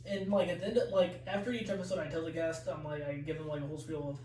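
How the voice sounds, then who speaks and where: Brief: animated profane storyteller, high voice, podcast guest, echoey distant mic. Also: male voice, fast talker, a little hiss or hum. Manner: animated, profane, laughs while telling stories. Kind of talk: casual storytelling.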